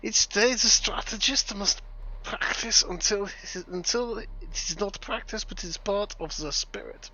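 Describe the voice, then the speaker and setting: A man playing a solemn male sword-master in a put-on German accent, reading old wisdom aloud in a grave, measured way. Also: high voice, pushed and bright, highs cut off, a little hiss or hum, voice pushed up, heavily acted. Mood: solemn recital.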